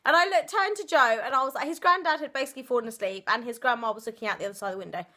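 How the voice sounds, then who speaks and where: A woman's voice: on the high side, racing, bright, forceful tone. A young woman, chatting through a storytime vlog, giggly and full of fillers. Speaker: vlogger. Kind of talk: casual storytime chat.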